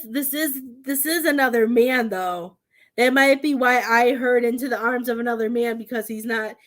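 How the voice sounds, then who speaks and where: A young adult woman, a psychic medium, giving readings on a live stream from home, talking in a gushing, emotional way with many restarts. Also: fairly high pitch.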